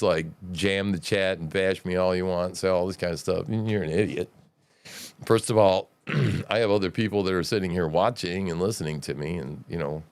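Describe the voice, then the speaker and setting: A man's voice: on the low side, darkish tone, clear, resonant tone, no echo. A man hosting his own livestream, giving blunt, profane political and religious commentary in a preachy rant, with mocking quotes of opponents. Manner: jumps between mocking quotes and lectures. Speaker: livestream show host.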